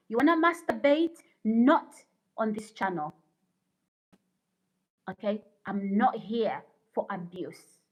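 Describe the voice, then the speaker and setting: Slow, preachy woman hosting a livestream. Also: on the high side, poor audio. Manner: indignant, preachy, reads viewer comments aloud. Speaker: livestream host. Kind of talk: casual livestream chat with viewers.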